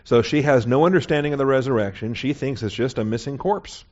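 A man's voice: medium pitch, fairly quick, a little mellow. Man teaching a Bible lesson, lo-fi. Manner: conversational, checks in with "okay?" often. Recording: dull, lo-fi recording.

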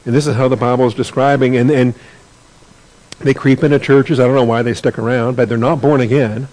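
An earnest man teaching scripture to a class in a conversational tone. His pitch is ordinary for a man, and he often repeats a word while searching for his phrasing. He reads passages and then comments on them plainly. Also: fairly even intonation, a little fast, darkish tone, poor audio.

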